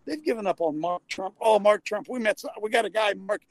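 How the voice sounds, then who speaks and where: A man's voice: sits high, fairly quick, dry recording, low-quality recording. An older man hosting a casual call-in talk show, rambling and folksy with frequent restarts, talking from a vehicle.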